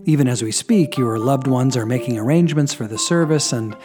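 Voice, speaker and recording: A preacher doing genial old Saint Peter. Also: male voice, medium pitch, brisk, music in the background, close to an everyday voice. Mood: welcoming. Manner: welcoming, officious.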